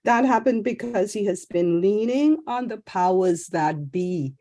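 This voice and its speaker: Woman, slow, warm and mellow, effusive, devout, webinar panelist. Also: mid-range voice, animated. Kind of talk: enthusiastic testimonial.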